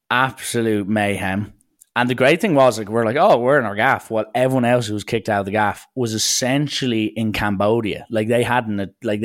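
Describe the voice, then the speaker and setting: A young man telling a casual, rambling anecdote and acting out the people in it. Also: fairly low pitch. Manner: lively, jumps into quoted voices, rambling asides. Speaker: storyteller.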